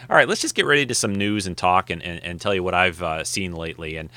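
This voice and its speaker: A man hosts his podcast alone and drifts easily from topic to topic. His voice sits low but carries a forceful, bright edge. The sound is dry, with no room around it. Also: lively intonation, fast, dry recording. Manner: chatty, rambling with friendly asides. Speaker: podcast host. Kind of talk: casual solo podcast talk.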